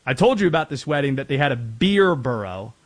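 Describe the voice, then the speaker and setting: A man's voice: medium pitch, sing-song, brisk. A man from North Carolina hosting a sports talk show, chatting and rambling with self-deprecating asides. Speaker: sports radio host.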